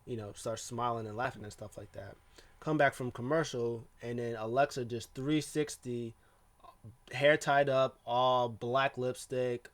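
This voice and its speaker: A man talks through a wrestling show in a loose, casual recap. He rambles, stacks up fillers and restarts his sentences, and his voice sits at an ordinary middle pitch.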